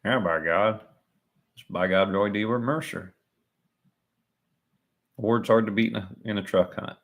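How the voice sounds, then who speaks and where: A man's voice: fairly low pitch, fairly even intonation, a little slow, a bit bright. A man doing chatty, self-mocking live commentary on a sporting event. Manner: chatty and joking, laughs at himself. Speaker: livestream commentator.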